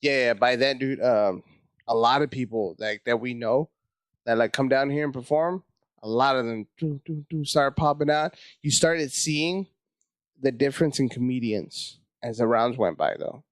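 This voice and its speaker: Man, comedian guest; animated, profane storytelling, dry close sound. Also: normal speed, no room sound. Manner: animated, profane, acts out his own panic in high voices. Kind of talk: casual storytelling chat.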